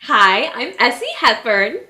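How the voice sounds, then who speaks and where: A woman's voice: on the high side, lively intonation, a little slow, pushed and bright, heavily acted. A woman voicing a shy, emotional young adventurer who gushes and giggles. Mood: gushing. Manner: gushing and giggly.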